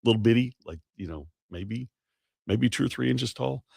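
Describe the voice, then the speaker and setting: Gravelly-voiced chatty male radio host. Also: medium pitch, moderate pace, a little mellow, no room sound, studio quality. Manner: rambling, self-correcting, chatty. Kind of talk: casual morning radio talk. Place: radio studio. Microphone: studio microphone.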